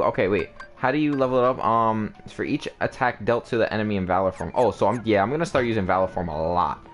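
A man doing joking, excitable let's play commentary, talking over cutscenes. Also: fairly low pitch, quick pace. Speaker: game streamer. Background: game music.

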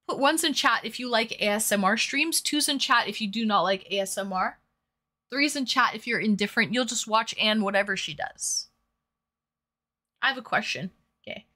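A woman's voice: on the high side, bright, forceful tone. A woman hosting a live stream in casual chat, reading viewers' messages aloud and answering them.

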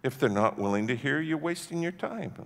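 A man from Canada preaching a sermon as pastor, emphatic and swinging from hushed tones to shouting. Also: a little high, animated, fairly quick, creaky. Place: church sanctuary. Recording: long church-hall reverb.

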